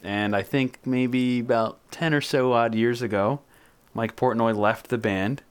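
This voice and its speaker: A man's voice: medium pitch, fairly even intonation, measured pace, clean tone. A man co-hosting a casual podcast, laughing along and filling in background. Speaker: podcast co-host.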